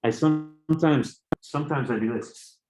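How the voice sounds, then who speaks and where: A man's voice: fairly high pitch, unhurried. A male physics professor lecturing a class, candid and joking, with exasperated asides. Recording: roomy classroom echo.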